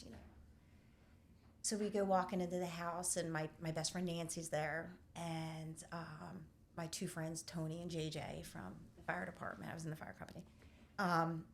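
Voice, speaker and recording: A middle-aged woman telling a painful family story candidly, pausing often with fillers. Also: fairly low pitch, little pitch movement, vocal fry, slight background noise. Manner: candid, halting with many fillers. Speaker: podcast host. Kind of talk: personal storytelling in conversation.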